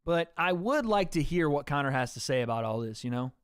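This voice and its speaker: Hoarse, high-voiced male streamer. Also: very animated, a little fast, no echo, studio quality. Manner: rambling, swearing, talks straight to chat. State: hoarse, voice worn out. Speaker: livestream host. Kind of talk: casual livestream watch-party chat.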